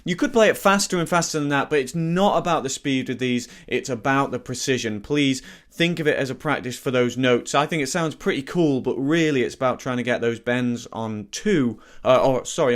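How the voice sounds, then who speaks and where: A man teaching a harmonica lesson in a relaxed, easygoing way, thinking aloud and correcting himself as he explains. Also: mid-range voice. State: slightly out of breath. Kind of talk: relaxed instructional talk.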